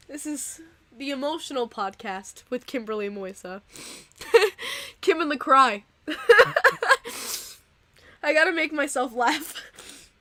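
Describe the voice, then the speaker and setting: A young woman hosting a casual live-stream podcast, reading out chat donations, chatty and quick to laugh and get emotional. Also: high-pitched, bright, forceful tone, dry recording.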